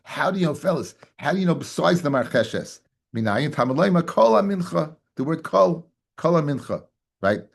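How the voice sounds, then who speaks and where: Husky rabbi quizzing his class. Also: on the high side, lively intonation, normal speed. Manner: quizzing listeners with rhetorical questions; mixes Hebrew and Yiddish terms into English. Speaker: rabbi teaching Talmud. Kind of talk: daily Talmud class.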